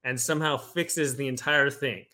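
A man in casual podcast chat, telling stories in an animated, playful way. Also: mid-range voice, normal speed.

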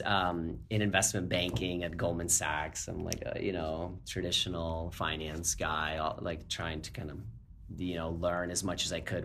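A low-pitched man from Ukraine whose first language is Russian, now speaking with a plain American accent. He chats as an interview guest in a relaxed, chuckling way, full of ums and likes. Faint ambient hum sits behind him. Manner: relaxed, chuckling, many fillers. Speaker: company executive guest. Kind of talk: casual interview chat.

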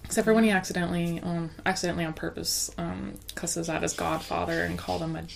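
A woman's voice: lowish voice, flat delivery, fast, vocal fry, slight background noise. A young woman, a mom, chatting casually on a podcast, telling stories animatedly and laughing often. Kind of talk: casual chat, storytelling.

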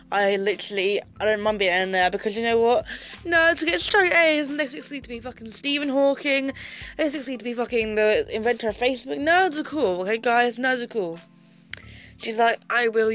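A woman's voice: on the high side, normal speed, fairly bright tone. A young woman hosting a casual podcast chat, sassy and theatrical, swearing a lot as she talks to her viewers. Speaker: podcast host. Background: faint music.

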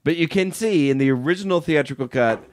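A man's voice: a little high, fast, a little mellow, slight background noise. A man co-hosting a comedy podcast, dropping dry, crude asides. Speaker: podcast co-host. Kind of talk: casual comedic chat.

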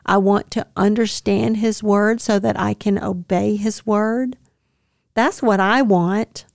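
A woman hosting a devotional podcast, reflecting earnestly and tenderly on scripture, with soft laughs now and then. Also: medium pitch, fairly even intonation, slow pace, creaky, no echo, clean studio sound. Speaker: podcast host.

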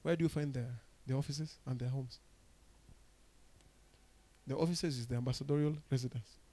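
At a moderate pace and with fairly even intonation, a Kenyan-accented pastor preaches to his congregation, asking them questions. He moves back and forth between quiet, low passages and loud, rising calls to action.

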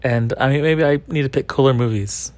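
A man's voice: medium pitch, fairly quick, a little mellow. A man co-hosting a casual podcast chat with his wife, playful and teasing, laughing often. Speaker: podcast co-host.

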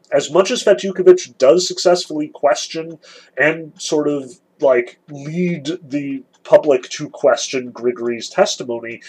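A man's voice: on the high side, a little mellow, slightly rough, poor audio. A man teaching a literature lesson, explaining the scene step by step and weighing each side in turn. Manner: explanatory, weighs both sides repeatedly. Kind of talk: recorded lecture.

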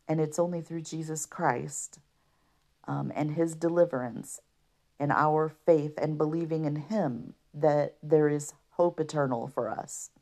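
A woman hosting a podcast, telling her own story unscripted and earnestly, with a rough voice from allergies and frequent throat clearing. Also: low-pitched, a little mellow. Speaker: podcast host. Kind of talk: personal testimony podcast.

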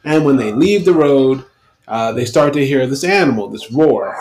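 A man hosting a podcast, retelling a film plot in a chatty way with quick asides. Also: mid-range voice, expressive, a little mellow, poor audio. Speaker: podcast host. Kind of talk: casual film recap.

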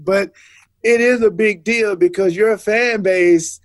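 A man's voice: high voice, unhurried, no room sound. A middle-aged man and former pro football player, a guest telling stories in a casual interview and acting out the voices of the people he quotes.

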